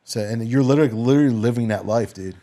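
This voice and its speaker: A man's voice: medium pitch, rapid-fire, mellow. A man hosting a podcast, speaking casually and enthusiastically to his guest. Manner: enthusiastic, bro-ish, affirming. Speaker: podcast host.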